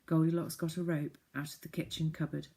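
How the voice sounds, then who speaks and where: Low-voiced woman reading a children's story. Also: little pitch movement, fairly quick, gravelly, mellow, breathy edge. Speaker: audiobook narrator.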